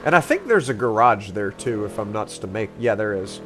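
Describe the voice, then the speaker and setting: A man's voice: fairly low pitch, sing-song, brisk, fairly bright tone, a little hiss or hum. A young man streaming a roleplay game, chatting casually, rambling and joking with plenty of cursing. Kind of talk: casual gameplay chat.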